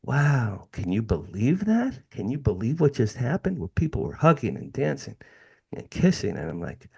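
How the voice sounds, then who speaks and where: A man's voice: medium pitch, sing-song, moderate pace, gravelly, warm tone, husky. A middle-aged man from the United States, a podcast guest telling a personal story with emphatic repetition and direct asides to the hosts. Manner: emphatic, repeats phrases, addresses listeners as "you guys".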